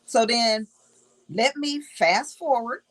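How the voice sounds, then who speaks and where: A woman's voice: fairly high pitch, takes it slowly, rough recording. A woman teaching from the Bible in a casual, emphatic way, reading verses aloud and repeating key words.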